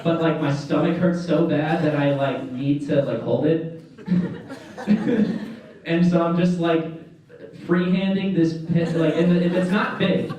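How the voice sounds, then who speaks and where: A man's voice: on the high side, takes it slowly, crowd noise. A young man performing a stand-up comedy set, telling a rambling story full of fillers and often laughing at his own jokes. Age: young adult. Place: comedy club stage, indoors. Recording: echoey room from far off, audience laughter.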